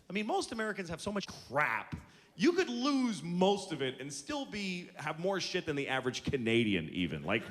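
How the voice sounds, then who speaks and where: A man's voice: fairly high pitch, slight background noise. A male stand-up comedian doing a set on stage, profane, exasperated and mocking. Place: theater stage. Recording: big hall with a loud, laughing crowd.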